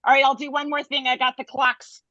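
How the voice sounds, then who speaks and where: A woman's voice: sits high, flat delivery, brisk, sharp tone, dry recording, dull audio. A middle-aged woman doing a brash, punchy stand-up comedy bit on a video call. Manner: brash, punchy joke delivery.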